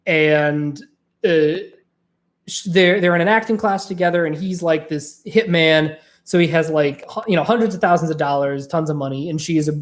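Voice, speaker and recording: A woman hosting a podcast in a casual solo monologue, chatty and swearing freely. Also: low voice. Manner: chatty and profane, with frequent fillers. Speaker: podcast host.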